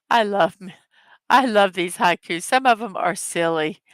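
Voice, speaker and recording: Woman, morning show host, casual chat, upbeat, unhurried, clear voice. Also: medium pitch, dry recording. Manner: upbeat, chatty, greets viewers by name; reads words slowly one at a time. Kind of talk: casual livestream chat, reading puzzle words and memes aloud.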